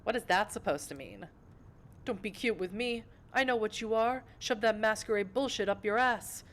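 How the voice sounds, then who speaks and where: A woman's voice: medium pitch, normal speed, fairly bright tone, a little hiss or hum, pitched above the performer's own voice, lightly acted. A woman voicing a menacing male street-tough vampire thug who swaggers, curses and threatens. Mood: taunting.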